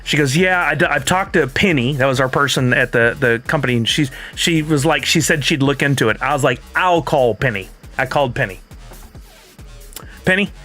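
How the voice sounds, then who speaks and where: A middle-aged man hosting a stream tells a story in casual chat, acting out both sides of the conversation. His voice is fairly high-pitched and a bit bright.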